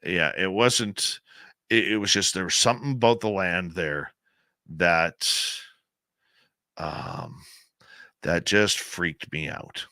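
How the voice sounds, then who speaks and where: Deep-voiced Canadian radio host, bright tone. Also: male voice, takes it slowly, pauses often, no echo. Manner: chatty, enthusiastic, rambling. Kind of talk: late-night radio call-in talk.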